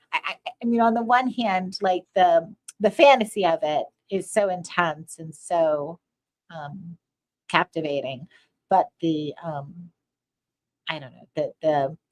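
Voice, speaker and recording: A woman's voice: fairly low pitch, slow, pauses often. A woman guest in a casual interview chat, hesitant and searching for her words. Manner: hesitant, searches for words, many short agreements.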